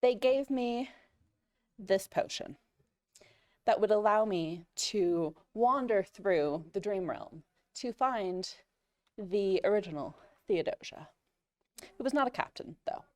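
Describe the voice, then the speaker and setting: A woman's voice: medium pitch, expressive, slow pace, no room sound. A woman player improvising a tall tale in character at a live game panel, playful and rambling with fillers.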